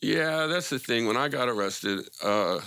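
Laid-back, cursing man with a bright voice. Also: mid-range voice, lively intonation, a little slow, clear, resonant tone, no echo. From Albuquerque, New Mexico. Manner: laid-back, profane, laughs between stories. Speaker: guest, graffiti artist. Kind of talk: casual storytelling interview.

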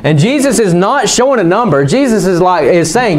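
High-voiced pastor guy preaching, jokey then fired up, voice jumps all over, church crowd chiming in. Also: animated, moderate pace. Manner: folksy, joking, rising to fervent preaching. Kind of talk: sermon. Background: congregation calling out amens.

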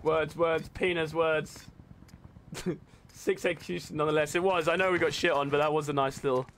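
A young man streaming a game live, bantering with his chat in an excitable, swearing way into a desk microphone. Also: on the high side, normal speed. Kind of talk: live gameplay commentary. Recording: noisy stream audio with clicks.

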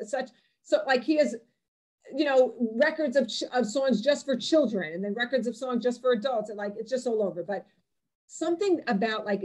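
A woman with a fairly high, slightly mellow voice presents on Israeli music over a video call. Her talk is casual and loose, chatty and full of fillers and restarts.

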